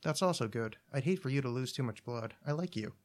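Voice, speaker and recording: A man's voice: medium pitch, lively intonation, brisk, natural voice. A man reading a short story aloud, voicing the narrator's cheerful, affectionate young girlfriend in a raised voice. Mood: friendly.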